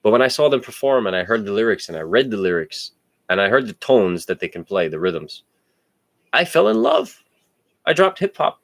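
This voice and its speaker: A man casually telling personal stories in an animated, digressive way, swearing freely. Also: medium pitch, dry recording. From United States. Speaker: podcast host.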